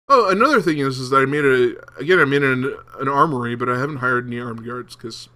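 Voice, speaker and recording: A young man talks over a game he is playing, thinking out loud in loose, rambling chat. His voice is bright and a little forceful, and he stops often to say um or start a sentence over. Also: medium pitch, fast, hardly any pauses. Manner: rambling, many ums and restarts. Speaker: gaming video host. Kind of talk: casual let's-play commentary.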